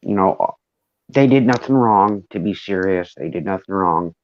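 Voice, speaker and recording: Low-voiced man on a dull line. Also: animated, normal speed. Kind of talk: casual chat.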